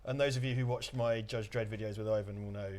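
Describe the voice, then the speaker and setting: A man's voice: fairly low pitch, fairly even intonation, fast talker, a little mellow. An English man from England hosting a livestream, blunt, sweary and enthusiastic in casual chat.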